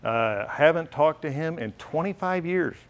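Man, middle-aged, slightly high voice, earnest heartfelt storytelling, banquet speech. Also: lively intonation, a little slow. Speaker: banquet speaker. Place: banquet hall.

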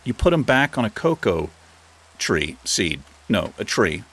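A man's voice: a little slow, husky. Chatty man narrating his own gameplay. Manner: chatty, talks to the game animals, jumps into high excited bursts. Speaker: gaming host. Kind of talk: casual let's play commentary.

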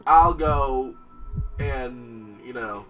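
A young man commentating his gameplay, excitable and profane, talking straight to the game and its characters. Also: mid-range voice, extremely slow, distant mic, faint music behind. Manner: excitable, swears a lot, talks to the game and its characters. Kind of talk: let's play commentary.

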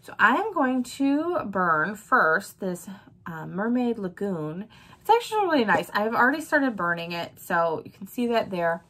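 A woman's voice: medium pitch, big pitch swings, unhurried, a bit bright. Chatty woman listing wax scents. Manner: chatty, laughs often, lists scent notes. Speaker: wax melt vlogger. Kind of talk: casual product chat.

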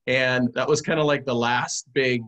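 A man sharing a personal testimony as a guest, in an animated, conversational way with frequent restarts. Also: mid-range voice, moderate pace. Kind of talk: casual testimony storytelling.

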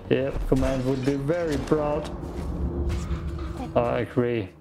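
A man's voice: mid-range voice, steady tone, very slow, over music. A man giving laid-back let's play commentary over a game, musing as he plays. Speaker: gaming YouTuber. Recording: faint background noise.

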